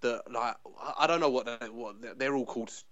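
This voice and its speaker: A London-accented man talking as a guest on a casual pop-culture podcast. His pitch is a middling male one, and the recording sounds dry and close. He is chatty, laughs easily and often restarts mid-sentence. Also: fast talker, fairly bright tone, no room sound, lo-fi sound. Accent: London English. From England.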